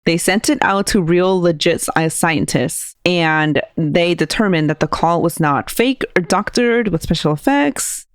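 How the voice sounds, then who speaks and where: A woman hosting a podcast, telling a story in a loose, chatty way and sprinkling in filler words as she goes. Her voice sits a little low. The sound is dry and close, with no room around it. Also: unhurried, hardly any pauses, dry recording. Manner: chatty, laughs often, many "like" fillers. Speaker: podcast host. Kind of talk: casual chat, retelling a story.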